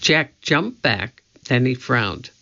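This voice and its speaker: Storybook reader: man, slow and gravelly, dull lo-fi recording. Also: mid-range voice, lively intonation, sharp tone. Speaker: narrator. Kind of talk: reading a children's book aloud.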